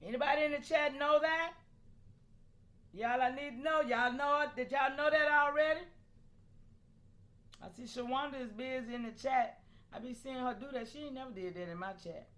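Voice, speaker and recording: A high-pitched woman speaking hosts a live stream. She talks animatedly, often breaking off to call out to her viewers and laughing between points. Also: normal speed, pauses often, fairly bright tone. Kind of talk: casual live-stream talk to chat.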